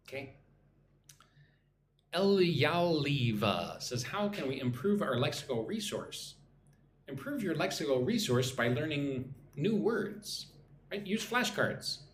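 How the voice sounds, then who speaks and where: A man teaching an English lesson on a live stream, talking slowly and checking in with "right?" after his points. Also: fairly high pitch, a little hiss or hum. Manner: slow, repeats points with frequent "right?". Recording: echoey room, faint ambience.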